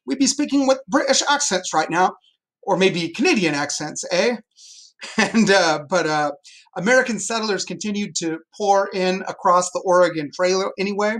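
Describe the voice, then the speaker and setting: A male teacher giving a lively history lesson to his class, joking and pointing things out as he explains. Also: high voice, normal speed.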